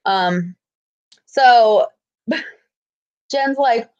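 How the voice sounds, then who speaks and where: Woman, high voice, casual podcast chat, blunt and profane, animated storyteller. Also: extremely slow, highs cut off. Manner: blunt, swears freely, animated retelling.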